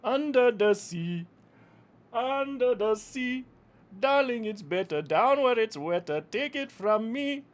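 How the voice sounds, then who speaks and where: A man's voice: extremely high pitch, expressive, takes it slowly, voice pushed up, exaggerated voice. A man voicing a jaunty singing male crab, putting on an accent and drawing the words out in a sing-song way. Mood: crooning.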